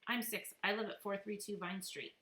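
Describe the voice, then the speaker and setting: A woman's voice: mid-range voice, fairly even intonation, normal speed, pushed and bright, natural voice. A woman voicing a fussy, whiny six-year-old boy in a children's book read aloud. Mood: matter-of-fact. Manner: whiny, tough-guy bluster. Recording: echoey room, faint noise.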